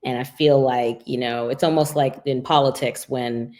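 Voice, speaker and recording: A woman who writes and serves as a minister appears as a guest in a reflective interview, her voice very deep, darkish and steady at a moderate pace. She thinks her ideas through aloud, leaning on plenty of fillers.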